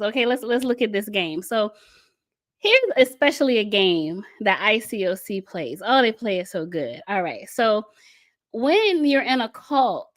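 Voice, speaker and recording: A woman talks with lively emphasis, repeating a point several times to drive it home. She explains things step by step with a diagram. Her tone stays casual, and now and then she slips into mocking voices. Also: a little high, moderate pace. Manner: emphatic, breaks into laughs, repeats phrases for stress; casual, mock voices when quoting. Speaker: speaker on a panel about a church group. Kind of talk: animated talk explaining with a diagram.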